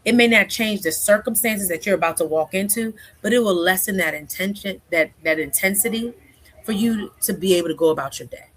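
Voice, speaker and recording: Speaking a little fast in a mid-range voice, a counselor in her forties chats casually as an interview guest. She checks in with "right?" again and again and performs the lines she quotes.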